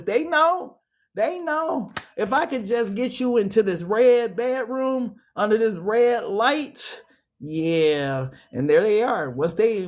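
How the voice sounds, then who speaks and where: A man giving a casual tarot reading and talking straight to the viewer in slangy, profane, chatty speech. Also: sits high. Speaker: tarot reader.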